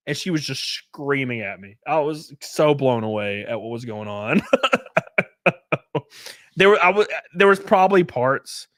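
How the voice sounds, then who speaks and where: Male streamer, raised pitch, dry close mic, casual and profane. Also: a bit bright, no echo. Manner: profane, laid-back storytelling. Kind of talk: casual livestream chat.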